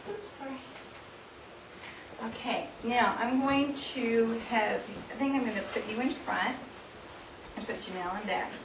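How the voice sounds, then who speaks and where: A woman with a fairly high voice runs a hands-on demonstration in front of an audience, coaxing volunteers and laughing often. She is heard from far off in a roomy, echoing hall. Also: a little slow. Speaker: seminar speaker. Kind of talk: live workshop demonstration. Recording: distant, echoey room recording with noise.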